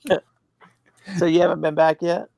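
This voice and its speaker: A man's voice: on the high side, little pitch movement, normal speed, creaky, a little mellow, no room sound. A man co-hosting a casual podcast, asking friendly follow-up questions. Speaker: podcast co-host. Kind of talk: casual chat.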